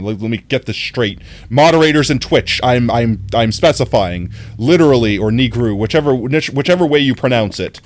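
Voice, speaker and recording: A young American man chatting casually on a live stream, reading chat aloud, rambling and often laughing. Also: medium pitch.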